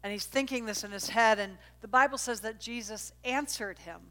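A bright, clear-toned woman preaching to a congregation, her voice carrying through a large reverberant church hall. She is middle-aged and tells her stories with lively, animated energy. Her voice sits a little high. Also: normal speed. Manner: animated storytelling, voice leaps up at high points. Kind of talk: sermon with personal story.

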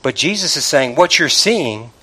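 A man preaching a sermon to a congregation, with call-and-response asides, starting low and building to loud exclamations. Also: lively intonation, moderate pace, breathy edge, low-quality recording. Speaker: pastor.

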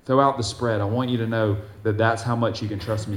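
Man, preacher, sermon, earnest, loud readings and soft asides, reverberant room. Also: fairly low pitch, fairly even intonation, a little fast.

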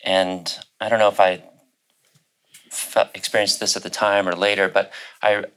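A man's voice: sits low, little pitch movement, normal speed, a bit bright. A middle-aged man telling a personal story as a guest on a panel, hesitant, with many fillers and restarts.

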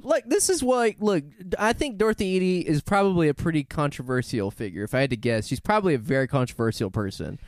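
Guy on a podcast rambling thru a story, lots of laughs, pitch all over, dry close sound. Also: fast talker, hardly any pauses, no room sound. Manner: laughs often, animated, rambling with self-corrections. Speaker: podcast co-host. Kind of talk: casual storytelling chat.

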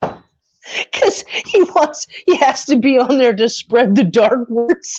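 A woman's voice: high voice, expressive, slow pace, darkish tone. A woman in casual chat who laughs often, swears freely and acts out lines from scenes. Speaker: movie fan chatting with a friend. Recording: slightly dull lo-fi recording.

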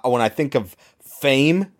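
Male co-host, casual film discussion, relaxed explanatory delivery. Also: mid-range voice, slow. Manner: relaxed, explains plot points at length. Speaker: podcast co-host.

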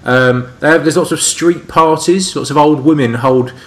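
A man's voice: a little high, normal speed. A man, co-hosting a podcast in casual, chatty talk, often laughing and calling his friend "mate". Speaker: podcast co-host. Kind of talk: casual chat.

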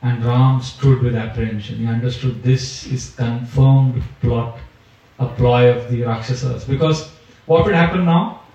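A man, a spiritual teacher, telling a scripture story at a retreat in an animated way, recorded from a distant mic in a large echoey hall. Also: medium pitch, unhurried, dull audio. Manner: animated storyteller, acting out characters.

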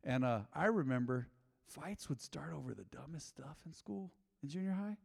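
A man preaching a sermon to his congregation in a conversational way, with joking asides, moving from quiet low remarks to loud emphatic reading. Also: animated, normal speed, vocal fry, slightly rough. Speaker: pastor. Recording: long hall reverb.

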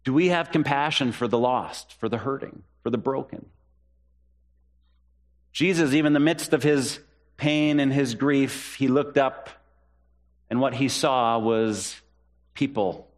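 Male pastor, sermon delivery, earnest, repeats lines, mid-pitched voice. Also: a little slow, long pauses. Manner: earnest, repeats key phrases for emphasis; rises in pitch when voicing the disciples' questions.

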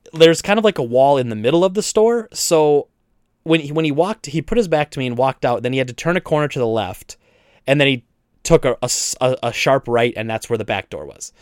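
A video game store owner with a mid-range voice recounts, indignantly, something that happened at his store in casual storytelling chat. He animatedly acts out both sides and restarts often, and the studio-quality recording has no room sound.

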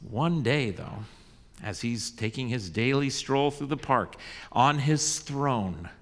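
A man's voice: mid-range voice, expressive, slow pace. A male pastor preaching a sermon and telling a story with dramatic shifts in volume. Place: church. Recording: long church reverb.

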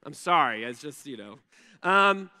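A man preaching a sermon as pastor, conversational, swinging between loud emphasis and hushed intensity. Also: fairly high pitch, very animated, a little slow. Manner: conversational asides with "right?" and "like".

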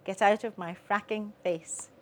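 A woman reading a poem in the voice of a boastful nationalist male politician, declaiming a loud list. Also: mid-range voice, fairly even intonation, a little slow, heavy background noise, lightly acted.

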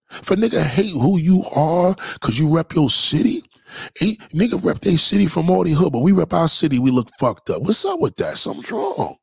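Middle-aged New York man, husky and dry, swinging pitch, profane slang-heavy monologue. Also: no echo. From New York City. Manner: profane, animated, heavy slang, repeats himself. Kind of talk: casual street-talk monologue.

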